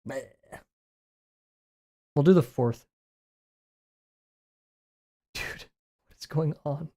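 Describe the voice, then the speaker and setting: Young adult streamer, casual drawing-stream chatter, rambly and self-mocking, dark mellow tone. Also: medium pitch, drawn-out words. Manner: rambling, self-deprecating, muttering to self. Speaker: livestreaming artist. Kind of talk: casual chat while drawing on a livestream.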